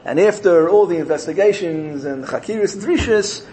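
A man gives a sermon by telling parables with animated energy, repeating key phrases to drive the point home. His speaking voice sits a little higher than most men's. A faint hiss of noise runs under the recording. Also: normal speed, low-quality recording. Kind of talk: sermon built on told parables.

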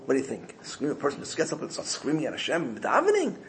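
A man voicing a stern but kind elderly rebbe in a told story, speaking firmly and softly. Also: mid-range voice, huge pitch swings, fast talker, slight background noise.

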